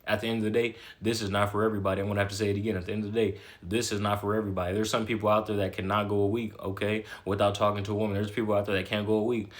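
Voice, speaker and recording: A man's voice: fairly low pitch, level tone, rapid-fire, few pauses. A man giving a blunt, slangy motivational talk, repeating himself and tagging lines with "okay?". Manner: repetitive, emphatic, keeps adding "okay?". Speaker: motivational talker. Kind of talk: casual motivational monologue.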